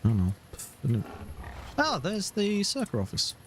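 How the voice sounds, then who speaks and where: A man's voice: high voice, huge pitch swings, unhurried. A man with a London accent comments on a game he is streaming. He jokes, swears and rambles with fillers. Faint noise behind him. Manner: joking, crude, rambling with fillers.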